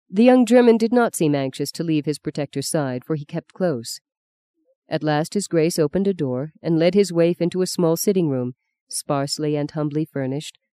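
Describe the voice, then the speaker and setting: An audiobook narrator reading a literary novel in a measured, even storytelling manner. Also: mid-range voice, dry recording.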